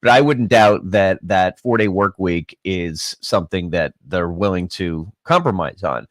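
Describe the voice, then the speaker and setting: A man chatting as a guest about politics, thinking out loud with emphatic asides. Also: deep voice, a little slow, no echo. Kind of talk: casual political chat.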